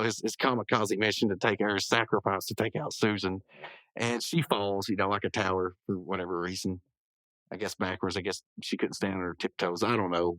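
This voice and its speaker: A man's voice: on the low side, fairly bright tone, no echo, low-quality recording. A man hosting a podcast, casually recapping a cartoon episode in a rambling way and often correcting himself. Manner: rambling, self-correcting, full of hedges and asides. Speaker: podcast host.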